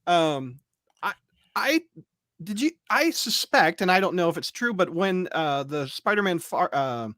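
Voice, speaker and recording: Halting male podcast host. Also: high-pitched, big pitch swings, fairly bright tone, dry recording, studio quality. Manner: hesitant, many fillers and restarts when asking. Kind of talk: casual interview chat.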